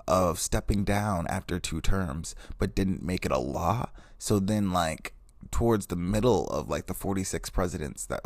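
Young guy in his 20s chatting on his podcast from bed, deep gravelly voice, swears a lot, dry close sound. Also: no room sound. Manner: rambling, profane, self-interrupting. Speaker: podcast host. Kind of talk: casual solo podcast chat. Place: in bed at home.

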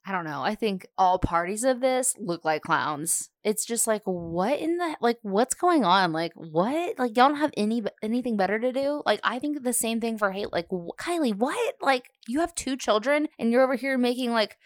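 A woman's voice: on the high side, animated, normal speed, few pauses, dry recording, studio quality. A young woman co-hosting a podcast in casual chat, blunt and sarcastic, swearing freely. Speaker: podcast co-host.

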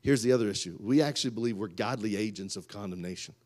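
A man, preaching a sermon and swinging from loud outbursts to quiet asides. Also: lowish voice, quick pace. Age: 30s. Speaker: pastor.

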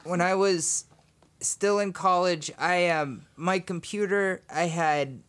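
A young man hosting a podcast, telling an animated travel anecdote in casual chat with laughter and swearing. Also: high-pitched, slow pace, smooth. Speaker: podcast host.

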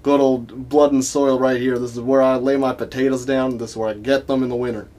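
Guy putting on a loud southern drawl, angry landowner yelling at trespassers. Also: mid-range voice, flat delivery, fairly quick, lightly acted. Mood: territorial. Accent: put-on American Southern. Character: gun-toting rural Southern man guarding his land.

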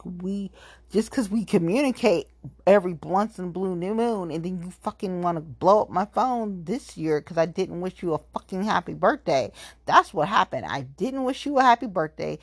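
A woman venting in a casual, profane monologue, with sudden jumps up in pitch when she gets heated. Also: a little mellow, breathy edge, dry recording, studio quality.

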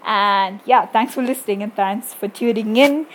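A young woman hosting her own podcast in a squeaky voice, rambling and self-deprecating with lots of fillers. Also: moderate pace, hardly any pauses, a little hiss or hum. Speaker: podcast host. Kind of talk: casual solo podcast monologue.

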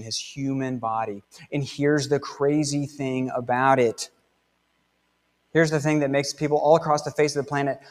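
A man's voice: a little high, long reverb tail. A man preaching a sermon as pastor, conversational and emphatic, stretching out words for stress. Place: church sanctuary.

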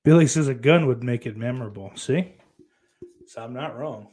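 A man's voice: medium pitch, normal speed, darkish tone. A man chatting casually on a live stream, reading chat messages and answering with rambling, profane, sarcastic remarks.

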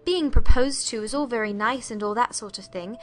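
A woman's voice: on the high side, fairly quick, fairly bright tone, soft background music. A woman narrating a period story as a heartfelt letter, in an emotive, confiding reading. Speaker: audiobook narrator.

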